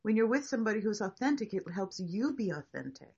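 A woman facilitating a group discussion, reflective and encouraging, talking in halting restarts. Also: medium pitch, big pitch swings, a little mellow, slightly rough, dull audio.

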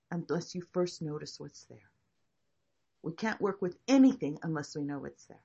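A woman facilitating a group discussion, reflective and encouraging, talking in halting restarts. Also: medium pitch, slightly rough, dull audio.

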